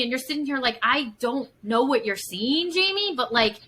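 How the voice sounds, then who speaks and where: Bright-voiced woman therapist, chatty. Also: high voice, expressive, moderate pace, rough recording. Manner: chatty, many fillers, acts out examples. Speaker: licensed psychotherapist guest. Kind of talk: casual podcast conversation.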